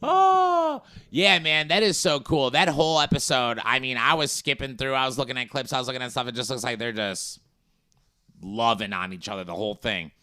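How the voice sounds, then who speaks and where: A man's voice: mid-range voice, animated, fairly quick, sharp tone, no echo, studio quality. A man hosting a loose, slangy, casual chat and reacting to clips. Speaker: host.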